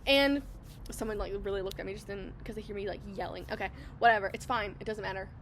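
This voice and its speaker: This young adult woman, a fast talker with a mid-range voice, hosts a podcast in a public place. She tells a story in casual conversation, animated and acting out others' lines as quotes.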